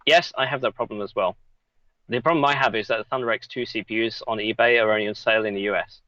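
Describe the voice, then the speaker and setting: A man from England with a mixed English accent, chatting casually on a live Q&A, halting and restarting often. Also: fairly low pitch, bright, forceful tone, highs cut off. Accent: mixed English, Essex and Yorkshire traces. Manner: halting, many restarts, reads chat questions. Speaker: guest.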